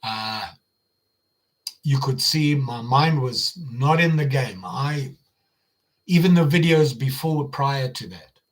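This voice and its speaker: A man's voice: medium pitch, lively intonation, slow pace, long pauses. Chatty older Midwestern man on a live stream. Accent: American Midwest. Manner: chatty and rambling, with frequent fillers, restarts and laughs. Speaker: channel host on a live stream. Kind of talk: casual live-stream chat.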